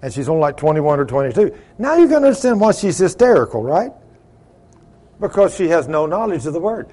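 Preacher, male, high-pitched, storytelling sermon style, prods the congregation with questions. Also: very animated, a little fast, dark tone. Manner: asks the congregation rhetorical questions, acts out quoted dialogue.

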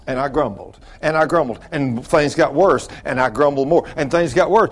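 Male pastor, higher voice, folksy storytelling sermon, big swings between low asides and high exclamations. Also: expressive, fairly quick, hardly any pauses.

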